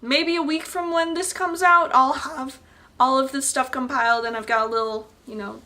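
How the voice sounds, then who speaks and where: A woman's voice: high voice, fairly even intonation, moderate pace, bright, forceful tone, slight background noise. A young adult woman ranting to camera in a resort hotel room. She sounds exasperated, swears often and rambles through restarts. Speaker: vlogger.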